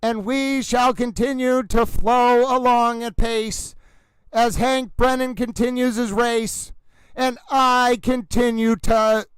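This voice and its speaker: Very high-voiced man, melodramatic announcer. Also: clear, resonant tone, no echo, rough recording. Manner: overwrought mock horse-race announcer; theatrical, swooping exclamations. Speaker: livestream trial commentator. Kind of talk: comedic livestream commentary.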